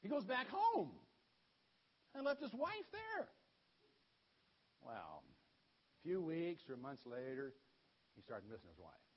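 Husky man telling a kids' sermon. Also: a little high, slow, pauses often, highs cut off. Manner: animated, playful storytelling. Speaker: pastor. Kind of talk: children's story sermon.

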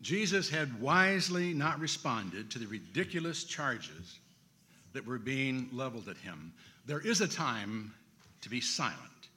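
A man preaching a sermon in an expressive, emphatic way with dramatic drops in his voice. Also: medium pitch, measured pace.

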